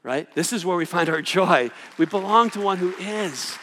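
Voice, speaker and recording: Animated high-voiced male preacher in a hall. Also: moderate pace, some chatter behind, slight background noise. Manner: animated, rambling with many restarts, acts out sheep and God in little voices. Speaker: pastor. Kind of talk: sermon.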